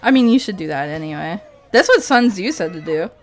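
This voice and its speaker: A woman's voice: on the low side, expressive, brisk. A woman streamer in casual live-stream commentary, rambling and profane, laughing often as she talks.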